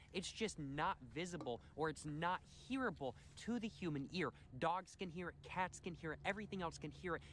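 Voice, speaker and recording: A man narrating his own video in a mock-earnest, deadpan way, repeating his catchphrases. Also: on the high side, slight background noise. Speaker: video creator.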